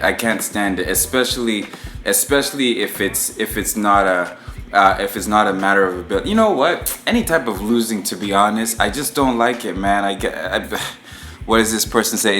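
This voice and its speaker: A man's voice: fairly low pitch, pushed and bright, echoey room. A young man hosting a casual solo podcast, frustrated and heated, swearing and restarting his sentences as he vents. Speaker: podcast host. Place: home room while watching a football game.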